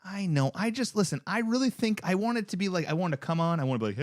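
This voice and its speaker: A man in his thirties co-hosting a podcast, telling a story in casual chat, animated and profane. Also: sits high, fast talker, hardly any pauses, no room sound, studio quality. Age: 30s. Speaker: podcast co-host.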